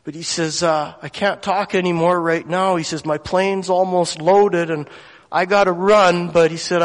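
A man's voice: on the high side, in a large hall. A man preaching a sermon, telling a story earnestly and emotionally, acting out the dialogue of the people in it.

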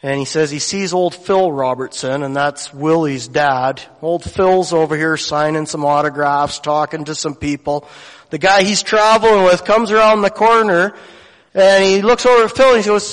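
A man's voice: on the high side, normal speed, fairly bright tone, big-room sound. A man preaching a sermon, telling a story earnestly and emotionally, acting out the dialogue of the people in it.

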